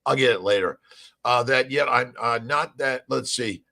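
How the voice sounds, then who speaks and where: A man's voice: medium pitch, normal speed, creaky, sharp tone. A middle-aged man from Southern California hosting a casual morning livestream, upbeat and rambling, greeting viewers by name. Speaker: livestream host.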